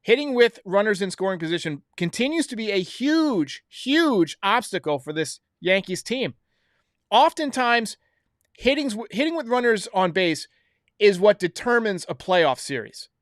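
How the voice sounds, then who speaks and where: A man's voice: sits high, very animated, a little slow, no room sound, clean studio sound. A man hosting a baseball recap show, giving blunt, opinionated commentary straight to his viewers. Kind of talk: solo sports recap commentary.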